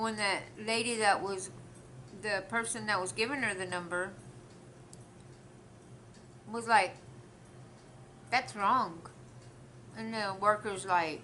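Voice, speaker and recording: A woman's voice: mid-range voice, normal speed, long pauses, bright, forceful tone, slight background noise. A young woman vlogger casually telling viewers a story and acting out the other people's lines as she eats. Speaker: mukbang vlogger.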